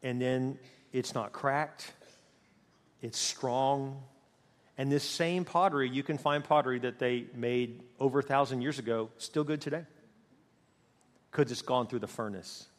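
A man preaching a sermon in an animated, storytelling way, recorded in a church sanctuary. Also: mid-range voice, a little slow, long pauses. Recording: long hall reverb.

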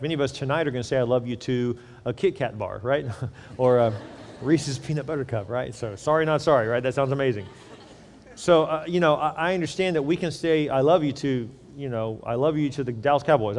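A man's voice: on the high side, a little mellow. A man preaching a sermon in a conversational way, using everyday examples and often repeating words as he starts a sentence. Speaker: pastor. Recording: reverberant hall.

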